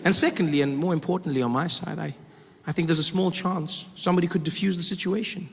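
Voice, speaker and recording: A man performing a stand-up comedy set, animated and laughing as he tells his stories. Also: on the high side, fast, vocal fry. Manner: animated, laughing, shifts into voices. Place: live comedy stage. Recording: echoey live venue, faint noise.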